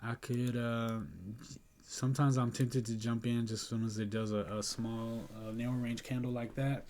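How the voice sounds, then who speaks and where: A sleepy, yawning man casually talking through his day trades, relaxed and chatty, thinking aloud with fillers and soft laughs. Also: medium pitch, moderate pace, slight background noise. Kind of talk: casual screen-recorded trade review.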